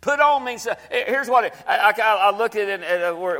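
A man's voice: high-pitched, expressive, normal speed, bright, forceful tone. A male pastor preaching a sermon, repeating scripture lines and calling on the congregation to say them back. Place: church sanctuary. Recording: echoey church hall.

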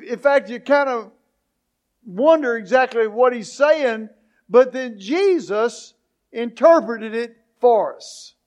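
A man preaching a sermon as pastor, building to emphatic questions and drawn-out lines. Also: very high voice. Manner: preaching, rising to emphatic questions, slow deliberate phrasing.

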